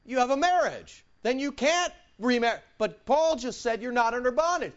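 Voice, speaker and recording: A man preaching with a high, lively voice that swoops up and down as he plays out the quotes. He drops to near mutters for asides, then jumps up into loud cries. The recording sounds dull and lo-fi. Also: moderate pace. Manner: animated preaching, acting out quotes with sudden loud high bursts. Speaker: pastor. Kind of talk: sermon.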